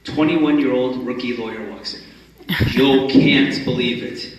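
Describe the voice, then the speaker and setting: A man giving a storytelling talk at a religious conference, animated and acting out the people in his story. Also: medium pitch, normal speed, slight background noise. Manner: animated storyteller, acts out the characters. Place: large conference hall. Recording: echoey hall from far off.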